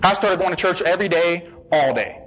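A man giving an emotional personal testimony, shifting between hushed, slow passages and excited bursts. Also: sits high, low-quality recording.

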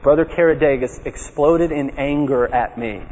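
A man giving a personal testimony talk to an audience, telling his story in a lively way and acting out his own remembered words. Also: on the high side, normal speed. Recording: dull, echoey hall recording.

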